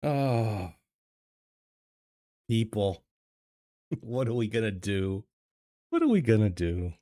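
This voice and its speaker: A man's voice: fairly low pitch, very animated, slow, dark tone, no echo. An older man from the United States, hosting a casual livestream chat, talking hesitantly, repeating words and chuckling often. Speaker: livestream host reading chat. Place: home streaming studio. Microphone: desk microphone.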